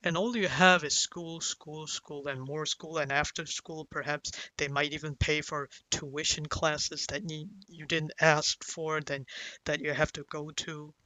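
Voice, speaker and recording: A man's voice: a little high, flat delivery, measured pace, pushed and bright, no echo, poor audio. Rambling, cursing young man vlogger. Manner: rambling and profane, with many fillers like "like" and "you know". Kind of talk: confessional personal storytelling.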